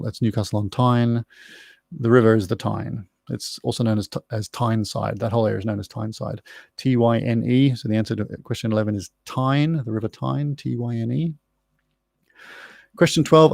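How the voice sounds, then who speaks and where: A middle-aged Australian man hosts a live-streamed pub quiz, reading out trivia answers chattily and spelling words as he goes. His medium-pitched voice is gravelly and darkish in tone, and the recording is dry.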